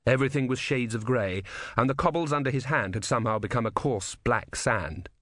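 A man narrating an audiobook with expressive storytelling. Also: medium pitch, brisk, no echo, studio quality. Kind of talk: scripted narration.

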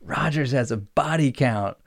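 A man's voice: medium pitch, a little slow, vocal fry, no echo, clean studio sound. A young man hosting a casual podcast, joking around and laughing often. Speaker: podcast host. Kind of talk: casual chat.

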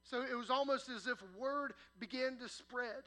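High bright-voiced pastor preaching. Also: male voice, steady tone, moderate pace. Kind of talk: sermon. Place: church sanctuary.

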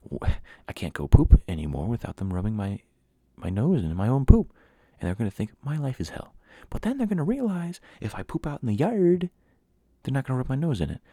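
A young man hosting a podcast, telling a rambling story in a casual, animated way with mocking asides. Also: fairly low pitch, creaky, husky, no room sound, clean studio sound. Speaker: podcast host.

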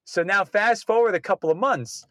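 Man, casual storytelling, rambling restarts, raised pitch, dry close mic. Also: normal speed, dry recording. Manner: rambling, self-interrupting anecdotes with loud acted quotes. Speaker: guest comedy writer.

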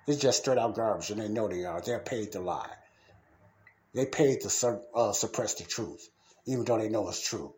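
A man hosting his own podcast, talking in a fervent, repetitive way that moves between heated ranting and quiet, earnest preaching. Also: on the low side, moderate pace. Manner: fervent, repetitive, shifts from ranting to soft pleading. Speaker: podcast host. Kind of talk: casual preaching monologue.

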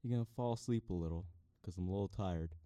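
A man's voice: deep voice, fast talker, clean tone, no room sound. Playful young man rambling close to the mic. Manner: playful, rambling, bursts into loud shouts. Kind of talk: casual mic-testing rambling.

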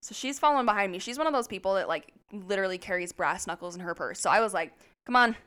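A woman sits at the mic and tells a story in casual, animated podcast chatter, cursing easily. Her voice is smooth and clear at a middle pitch. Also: very fast. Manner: animated, chatty, swears freely. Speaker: podcast co-host.

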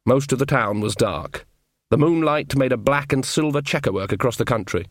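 Male audiobook narrator, measured and even, dry studio sound. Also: medium pitch, dry recording. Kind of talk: scripted narration.

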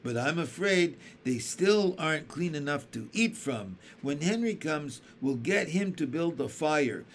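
A man's voice: fairly high pitch, lively intonation, measured pace, few pauses, a little hiss or hum. A man reading aloud and voicing a practical, kind older sister who encourages the younger children. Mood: cheerful.

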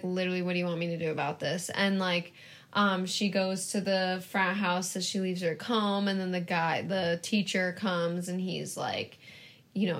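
A woman's voice: fairly low pitch, creaky. A young woman co-hosting a podcast, chatting casually and rambling through a film retelling with lots of fillers. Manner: rambling, heavy use of "like", animated retelling. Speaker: podcast co-host. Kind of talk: casual chat.

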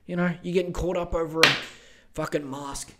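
Male podcast host, slightly high voice, rambling, swearing, exasperated rant. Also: flat delivery, fast, heavy background noise. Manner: profane, exasperated, rambling with many fillers. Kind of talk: casual rant.

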